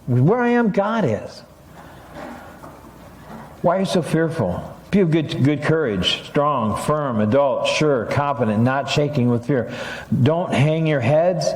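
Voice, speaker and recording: A middle-aged man preaching in a church, his voice sitting a little high for a man. He talks as if in conversation and then climbs into emphatic, pressing passages. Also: expressive, a little slow, roomy sound. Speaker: pastor. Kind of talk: sermon. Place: church sanctuary.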